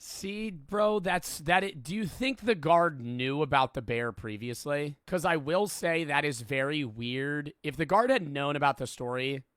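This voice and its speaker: Excitable swearing male streamer. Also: a little high, unhurried, hardly any pauses, smooth, no room sound, studio quality. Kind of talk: casual reaction chat.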